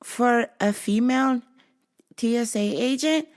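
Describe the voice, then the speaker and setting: A woman voicing a young female airport security agent who talks in a polite, businesslike way with a raised pitch. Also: a little slow, lightly acted.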